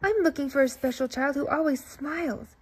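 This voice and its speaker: A woman's voice: high-pitched, fairly quick, a little mellow, voice pushed up, lightly acted. A woman doing a cheerful bouncy storybook bunny. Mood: eager. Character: cheerful smiling young male bunny.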